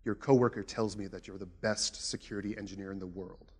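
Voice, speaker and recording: Presenter putting on a suave Russian recruiter man, thick Russian accent, low voice, echoey hall. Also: fairly even intonation, fairly quick, breathy edge. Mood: flattering.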